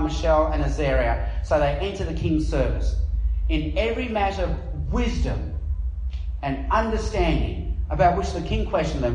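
A middle-aged Australian man preaching a sermon, telling stories with lively acted-out voices. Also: high voice, a little hiss or hum. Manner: animated storytelling, acts out voices in anecdotes. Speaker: pastor. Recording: echoey room.

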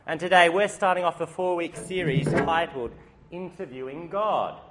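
A man giving a sermon, telling a story in a lively, humorous way. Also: on the high side, moderate pace. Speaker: preacher. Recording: faint background noise.

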